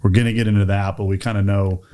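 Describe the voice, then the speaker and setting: A man with a very deep voice hosts a casual podcast interview. He talks fast, in loose run-on phrases, and keeps checking in with "right?" and "you know.". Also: level tone, darkish tone. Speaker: podcast host.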